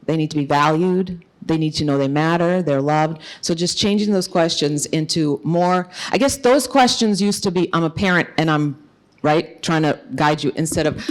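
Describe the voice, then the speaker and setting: A woman's voice: low voice, moderate pace. A middle-aged woman speaker answering audience questions at a conference, earnest and encouraging, her voice rising when she stresses a point. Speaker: guest speaker.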